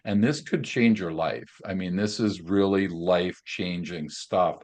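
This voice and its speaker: A male podcast host with a fairly low voice. He talks earnestly and encouragingly, circling a little before he gets to the question. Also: unhurried, darkish tone. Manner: earnest, encouraging, slightly rambling. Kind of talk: interview host.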